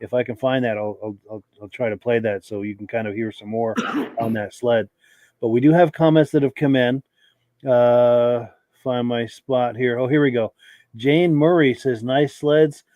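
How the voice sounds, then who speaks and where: Man with a cold, dark dry voice. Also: medium pitch, moderate pace, no echo. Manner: relaxed, chatty, with many fillers. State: losing his voice from a cold, coughing. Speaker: podcast host. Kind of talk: live show, reading viewer comments aloud.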